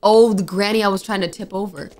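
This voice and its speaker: A woman's voice: medium pitch, steady tone, fast talker, faint music behind. A young woman streaming a game, chatting to herself and reading the characters' lines aloud. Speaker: gaming streamer. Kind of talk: playthrough commentary with read-aloud dialogue.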